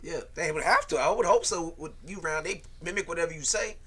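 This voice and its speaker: A man's voice: fairly high pitch, quick pace, bright, forceful tone. A man hosting a podcast, joking crudely and reading out news items in casual banter. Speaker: podcast host.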